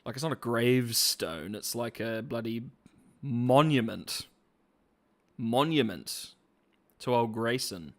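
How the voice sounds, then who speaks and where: A man's voice: medium pitch, expressive, slow pace, long pauses, a bit bright. A man hosting a casual commentary vlog, rambling with slang, fillers and restarts. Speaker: host.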